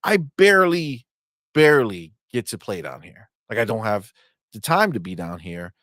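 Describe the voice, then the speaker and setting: A man in his thirties co-hosting a casual gaming podcast from his home game room, talking in an animated way with lots of fillers and swearing. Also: fairly low pitch, moderate pace, dry recording, clean studio sound. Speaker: podcast co-host. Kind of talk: casual chat.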